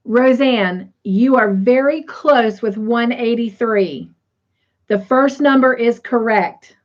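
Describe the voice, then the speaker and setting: A woman hosts a casual livestream, chatting and reading out viewer comments. She speaks slowly with a slightly high voice. The sound is a bit dull and lo-fi. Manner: chatty, says "y'all", reads comments aloud. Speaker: livestream host. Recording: slightly dull lo-fi stream audio.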